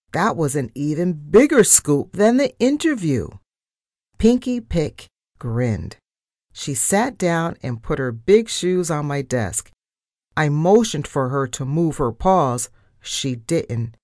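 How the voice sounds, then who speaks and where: Slow, expressive woman reading a storybook. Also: deep voice, no room sound, clean studio sound. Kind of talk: storybook read-aloud.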